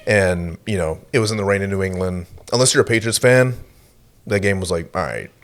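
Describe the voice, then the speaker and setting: Here a young man with a low voice and a brisk delivery co-hosts a podcast. The talk is easygoing football chatter, full of fillers and frequent laughter.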